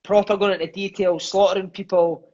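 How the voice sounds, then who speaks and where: On a muffled recording, a Scottish man in his thirties with a high, slightly mellow voice and little pitch movement chats as a podcast guest. He is a fast, enthusiastic storyteller who curses freely and fills his sentences with "aye" and "mate."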